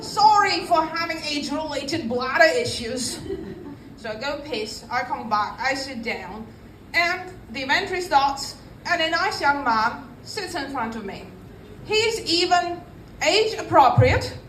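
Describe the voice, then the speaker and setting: A woman in her fifties doing a dry, deadpan stand-up set, unhurried and high-voiced. The sound is roomy and a bit distant, with faint room ambience behind her. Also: a little hiss or hum. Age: 50s. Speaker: stand-up comedian. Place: comedy club stage.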